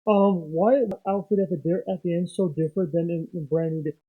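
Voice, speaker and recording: A man co-hosting a casual podcast chat, talking haltingly as he searches for his words. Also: high-pitched, fairly even intonation, husky, phone-quality sound. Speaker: podcast co-host.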